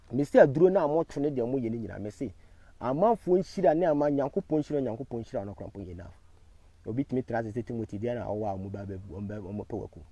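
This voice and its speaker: A man with a Ghanaian accent, giving a defiant live-stream talk, swinging from loud declarations to low murmured thanks to viewers. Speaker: online commentator.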